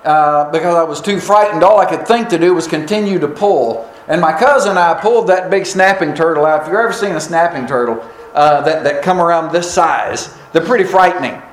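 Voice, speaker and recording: A man preaching a storytelling sermon in a church, folksy and unhurried with drawn-out pauses. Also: fairly high pitch, reverberant, rough recording.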